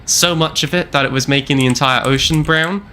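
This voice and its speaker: A man's voice: a little high, fairly quick, bright, forceful tone, a little hiss or hum. A young man streaming a game, casually telling a long rambling travel story with wry repeats. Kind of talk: casual storytelling while gaming.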